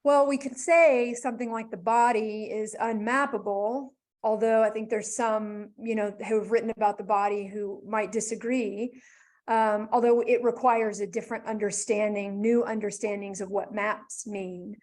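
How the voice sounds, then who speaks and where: A woman's voice: medium pitch, level tone, moderate pace, a little mellow. A woman speaking as a researcher on a webinar panel, thinking aloud and often restarting her phrases, talking over a video call. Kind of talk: academic panel discussion.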